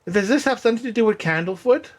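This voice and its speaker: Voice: mid-range voice, lively intonation, fast talker, voice pushed up, natural voice. A game master voicing a timid, tearful young mermaid girl in a tabletop role-play game. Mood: curious.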